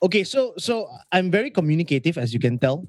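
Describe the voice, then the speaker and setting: A man chats as a podcast guest, moving easily between English and Tamil. He talks very fast in a slightly high voice, and the recording is dry and close. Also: sing-song, dry recording. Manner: talkative, mixes English and Tamil, frequent "lah" and "bro". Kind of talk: casual interview chat.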